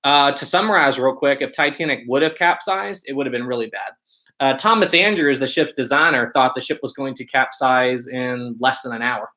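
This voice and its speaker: This channel host has a medium-pitched, sharp-toned voice and speaks at normal speed on his live stream. Reading viewer questions aloud, he answers in a casual way, working through his thoughts out loud with restarts and brief laughs.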